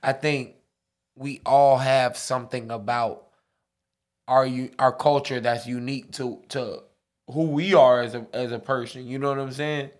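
Brief: male co-host, mid-pitched, relaxed casual talk with fillers. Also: a little slow. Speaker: podcast co-host. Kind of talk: casual chat.

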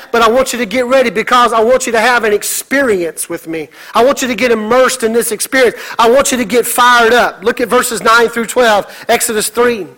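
Middle-aged man preaching, very high and forceful voice, animated delivery that acts out voices. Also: rough recording. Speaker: pastor. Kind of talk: sermon.

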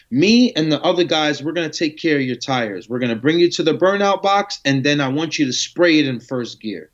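A man's voice: on the high side, normal speed. A man telling a long story in a casual interview, acting out conversations with slang and swearing. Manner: animated, acts out dialogue with slang and swearing. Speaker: guest telling his story. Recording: muffled lo-fi audio.

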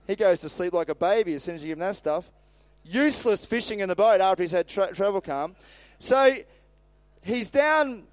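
A man preaching in a casual, lively way, retelling a Bible story with laughs, asides and acted-out lines. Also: sits high, smooth, no room sound. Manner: animated, acts out voices with laughs and asides.

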